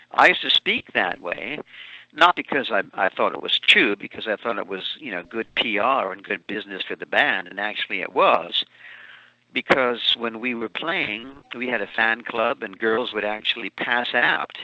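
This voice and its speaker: A man's voice: mid-range voice, lively intonation, unhurried, pushed and bright, no room sound. A man in his seventies, an author and guest, telling long meandering anecdotes in an interview. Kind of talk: storytelling interview answer. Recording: muffled lo-fi audio.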